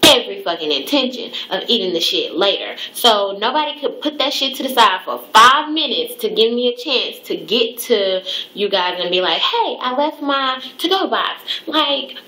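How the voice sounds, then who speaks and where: A woman's voice: medium pitch, animated, normal speed, bright, forceful tone. A young woman, a cosmetology student, telling a profane, exasperated story in a casual rant. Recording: echoey room.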